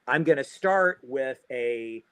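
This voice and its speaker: A man's voice: mid-range voice, animated, takes it slowly, pushed and bright, clear, resonant tone, no echo. A man coaching runners on a livestream, upbeat and chatty, often adding "right?" to his points. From Florida. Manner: upbeat, chatty, repeats himself with many "right?" tags. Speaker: running coach. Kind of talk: livestream guest advice.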